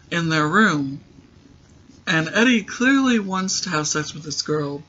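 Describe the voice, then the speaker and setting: A man's voice: high-pitched, sharp tone. Sarcastic man recapping a TV show. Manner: sarcastic, rambling asides. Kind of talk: casual comedic TV recap. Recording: dull lo-fi recording.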